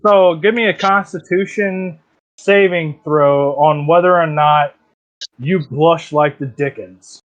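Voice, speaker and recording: A man's voice: fairly high pitch, slow pace. A man narrating a tabletop game as dungeon master, loose and joking. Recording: dull lo-fi sound.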